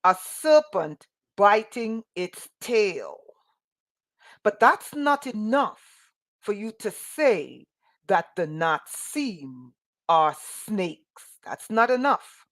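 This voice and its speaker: A woman's voice: medium pitch, very animated, drawn-out words. A woman giving an online Bible lesson, passionate and emphatic, asking many rhetorical questions. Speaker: teacher of a spiritual school.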